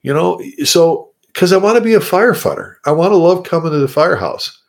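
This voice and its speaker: A man who is a fire chief, giving leadership advice in a podcast interview. He talks in an animated, repetitive way and addresses listeners directly. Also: fairly high pitch, brisk, gravelly.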